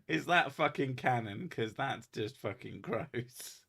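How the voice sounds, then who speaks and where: A man's voice: mid-range voice, big pitch swings, slow, gravelly, sharp tone, husky. A man from England hosting a casual livestream, reading viewer comments aloud with jokes, swearing and frequent laughter. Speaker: host reading viewer chat.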